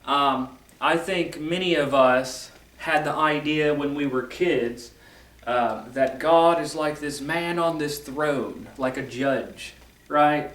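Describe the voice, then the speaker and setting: A man teaching a lesson at a whiteboard, explaining slowly and putting questions to the viewer. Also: fairly high pitch, a bit bright. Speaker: occult teacher. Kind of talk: whiteboard lecture. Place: room with whiteboard. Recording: echoey room from far off.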